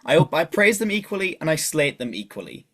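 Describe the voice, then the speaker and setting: Chatty man with a high voice. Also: sing-song, sharp tone. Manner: chatty, self-deprecating, quick laughs. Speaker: podcast guest. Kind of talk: casual chat.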